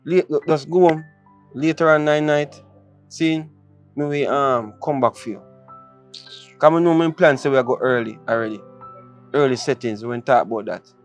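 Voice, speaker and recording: A man's voice: medium pitch, normal speed, long pauses, soft background music, lightly acted. A man with a Jamaican accent playing a sweet-talking boyfriend in a comedy skit, coaxing and repeating himself in patois.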